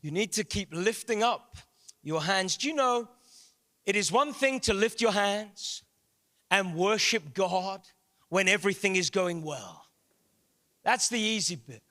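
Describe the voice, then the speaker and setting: A man preaching a sermon in a large church hall, impassioned, with rising shouts. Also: sits high, lively intonation, measured pace, pauses often. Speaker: guest pastor.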